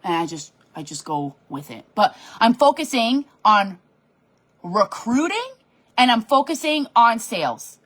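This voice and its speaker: A direct sales team leader gives her team a bubbly, animated pep talk on a live stream from her home office desk, reading and answering comments along the way. Her voice sits on the high side, and she keeps a measured pace.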